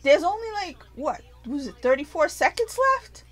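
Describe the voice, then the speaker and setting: A woman ranting casually to her viewers, animated and profane, rambling with frequent restarts. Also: sits high, moderate pace, poor audio. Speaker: vlogger. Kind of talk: casual rant to camera.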